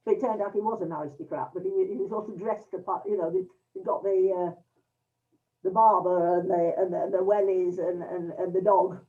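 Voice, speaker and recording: A woman's voice: fairly low pitch, fairly even intonation, a little fast. An older woman from England telling a rambling anecdote to her history group over a video call, with many restarts and fillers. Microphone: computer mic on a video call. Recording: tinny distant video-call audio.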